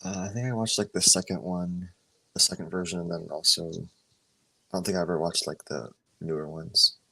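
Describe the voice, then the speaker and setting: A man with a low but bright voice speaks as a guest in a casual chat. He is easygoing and a little hesitant, with plenty of fillers. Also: steady tone, fairly quick, vocal fry, poor audio. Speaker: guest on lunch break.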